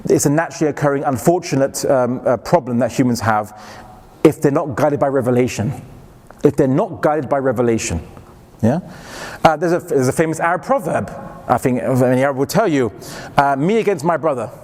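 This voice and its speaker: A man giving a university lecture, lively and digressive, full of restarts and jokey asides. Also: mid-range voice, brisk, in a large hall. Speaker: guest lecturer.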